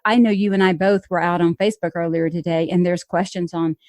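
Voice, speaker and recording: A woman's voice: fairly low pitch, steady tone, a little fast, a little mellow, no echo, studio quality. A woman hosting a podcast interview, talking in an earnest, emphatic, conversational way. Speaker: podcast host.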